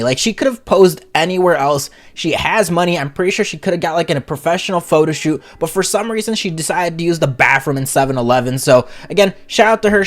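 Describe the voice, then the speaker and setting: A man hosting a comedic review vlog, talking in a crude, profane, rambling rant. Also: a little high. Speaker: channel host, reviewer.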